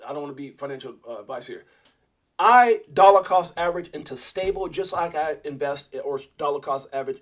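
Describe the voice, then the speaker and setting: High-voiced rambling crypto streamer man. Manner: rambling, restarts often, addresses viewers as guys. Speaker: crypto livestream host. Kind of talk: casual livestream talk.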